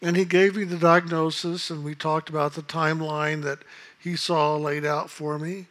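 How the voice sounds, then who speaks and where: A man calmly telling a personal story in a reflective, unhurried way, acting out the voices of others in it. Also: fairly high pitch. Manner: calm, unhurried, reflective, acts out quoted voices. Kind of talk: casual spoken storytelling.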